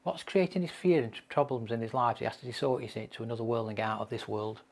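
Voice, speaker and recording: Gravelly man telling case stories. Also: mid-range voice, quick pace. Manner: anecdotal, emphatic repetition. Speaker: mental health trainer. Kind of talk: training lecture with case stories.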